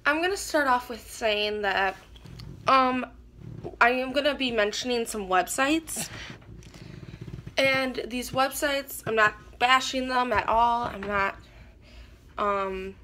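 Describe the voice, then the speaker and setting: Woman vlogger, casual storytelling, rambling and chatty, slightly high voice, bright and sharp tone. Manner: rambling and chatty, with many restarts.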